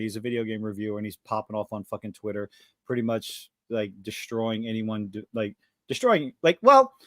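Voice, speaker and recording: A man hosting a live podcast stream, talking fast and excitedly in profane, rambling casual chat. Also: medium pitch, no echo, studio quality.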